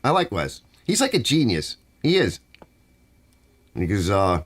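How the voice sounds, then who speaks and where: Middle-aged male stream host, grumbly and animated, very lively pitch. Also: measured pace, pauses often, dry recording. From United States. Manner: grumbling, animated, reads chat aloud. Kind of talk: rambling live stream chat.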